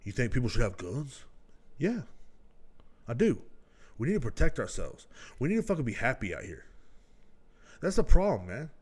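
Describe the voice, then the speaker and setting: A man's voice: medium pitch, wildly swooping pitch, normal speed, long pauses, a little mellow, breathy edge. A man hosting his own podcast, talking bluntly in a casual monologue full of swearing. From United States. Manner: blunt, ranting, heavy swearing. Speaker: podcast host. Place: at home indoors.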